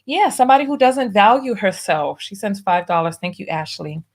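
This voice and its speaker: A woman's voice: mid-range voice, lively intonation, moderate pace. A woman hosting her own show, giving preachy commentary and reading viewer donations aloud, with big swings in emphasis. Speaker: show host.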